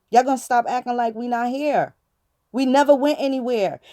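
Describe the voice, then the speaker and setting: A woman's voice: fairly high pitch, warm tone, no echo, clean studio sound. A woman with hosting her channel, talking in a blunt, preachy, casual monologue full of slang and profanity. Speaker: channel host.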